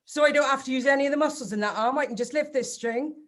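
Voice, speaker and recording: A woman's voice: high voice, quick pace, a bit bright. A woman improvising a comedy scene in a playful, matter-of-fact way. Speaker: improv performer.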